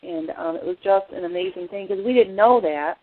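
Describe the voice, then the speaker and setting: A woman with a lowish voice speaks a little fast, giving an earnest personal testimony as an essential oils presenter. She often restarts while telling her story, and the recording sounds tinny, like a phone.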